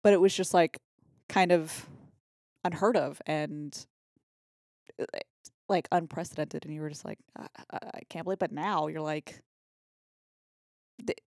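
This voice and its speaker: A woman co-hosting a casual podcast chat about a film, enthusiastic and full of trivia, with loose, halting phrasing and lots of fillers. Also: low voice, steady tone, a little mellow, dry recording, studio quality. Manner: enthusiastic, trivia-sharing, swears and laughs. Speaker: podcast co-host.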